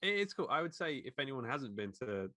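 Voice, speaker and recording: A man co-hosting a podcast, calmly filling in plot details during a casual horror film chat. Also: medium pitch, a little fast, no echo, studio quality. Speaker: podcast co-host.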